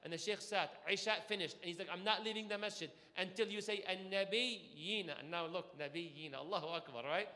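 Male preacher, high and bright, lively call-and-response sermon in an echoey hall. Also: fast, hardly any pauses. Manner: energetic, asks audience questions, call-and-response. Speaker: imam.

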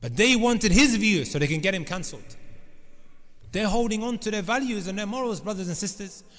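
A man's voice: sits high, lively intonation, a little fast, fairly bright tone. A man preaching a sermon, emphatic and often turning to address the congregation directly. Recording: long reverb of a large hall.

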